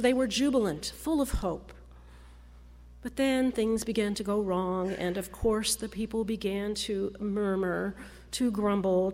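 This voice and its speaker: A woman pastor delivering a sermon in a measured, storytelling way. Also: a little high. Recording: long reverb of a large church hall.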